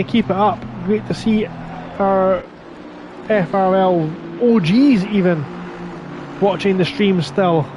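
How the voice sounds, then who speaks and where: High-voiced man calling a sim race. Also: lo-fi sound, noisy background. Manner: chatty, reads stream chat aloud between race calls. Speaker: sim racing commentator. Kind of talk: live race commentary.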